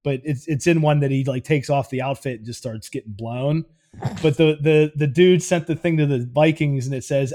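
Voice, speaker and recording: Male podcast co-host, fairly high voice; casual, excitable, profane banter. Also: normal speed. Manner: excitable, laughs often, swears freely. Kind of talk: casual comedic podcast chat.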